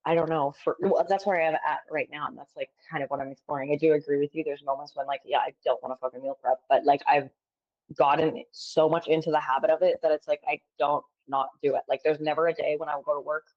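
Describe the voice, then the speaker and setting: A woman's voice: deep voice, steady tone, quick pace, no room sound, highs cut off. A woman co-hosting a casual podcast, talking frankly, swearing casually and laughing at herself. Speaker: podcast co-host.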